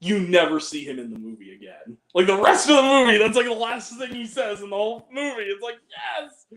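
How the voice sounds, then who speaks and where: A man hosting a live Q&A, chatting about movies in an animated, rambling way and swearing freely. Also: sits high, quick pace, a crowd in the background. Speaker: host. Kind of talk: casual movie chat.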